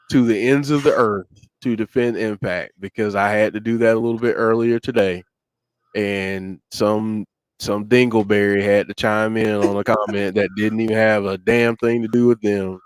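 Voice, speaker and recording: A man's voice: lowish voice, steady tone, normal speed, clear, resonant tone, no echo. A man co-hosting a wrestling talk show, ranting and getting fired up in casual chat. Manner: ranting, gets fired up, self-interrupting. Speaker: podcast co-host.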